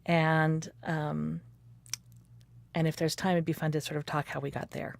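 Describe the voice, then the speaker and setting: Woman, 50s, animated storyteller in a dry booth; slightly low pitch. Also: a little slow, vocal fry, dry recording. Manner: animated, laughs often, acts out quotes. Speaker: interviewee recounting her courtship. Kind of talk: personal storytelling conversation.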